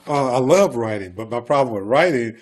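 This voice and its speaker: A man's voice: medium pitch, animated, fairly quick, background noise. A man, an actor being interviewed, talking casually with many fillers and frequent laughs. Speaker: actor guest.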